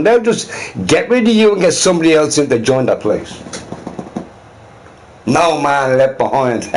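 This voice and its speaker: A man hosting a casual livestream, talking heatedly to his chat and repeating his points. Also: fairly high pitch. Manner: talks to chat viewers directly; heated, scornful. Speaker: livestream host.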